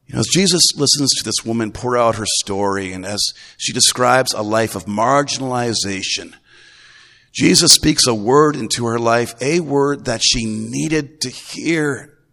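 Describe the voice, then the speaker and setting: A middle-aged man, a grandfather, preaching a Sunday sermon in a relaxed, folksy way, full of restarts. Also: mid-range voice, a little slow, gravelly. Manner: conversational, folksy, with repeated restarts. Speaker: pastor. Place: church. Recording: long reverb of a church hall.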